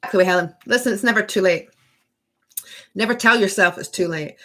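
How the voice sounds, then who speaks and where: A woman's voice: mid-range voice, fairly quick, a bit bright. A woman hosting a spiritual workshop, chatting effusively through a casual live-stream Q&A and answering viewers by name.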